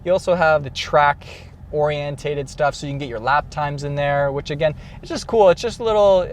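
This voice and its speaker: A man's voice: fairly high pitch, fairly quick. A young man giving a casual, chatty car review from in and around a car, with frequent fillers. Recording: loud car and road noise.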